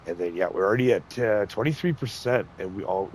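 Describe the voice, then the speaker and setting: A middle-aged man with a cold sounds nasal and congested, his lowish voice moving fairly quickly over slight background noise. Hosting a gaming channel, he gives folksy, casual commentary on farming gameplay and chuckles often.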